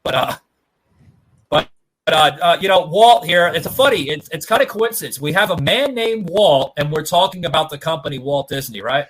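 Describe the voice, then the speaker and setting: Casting: male podcast host, bright tone, loose rambling delivery with lots of filler. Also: on the high side, expressive, normal speed, a little hiss or hum, rough recording. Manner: rambling, many fillers and profanity. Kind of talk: casual podcast chat.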